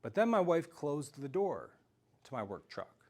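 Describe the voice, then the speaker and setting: A man telling a story in an animated, self-mocking way during a talk to a live audience. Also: fairly high pitch, a little slow. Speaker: speaker giving a self-defense talk.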